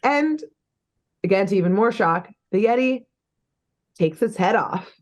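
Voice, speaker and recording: A woman's voice: medium pitch, expressive, measured pace, lo-fi sound. A young woman co-hosting a podcast, recapping a cartoon episode in casual, chatty talk full of fillers and laughter. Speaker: podcast co-host.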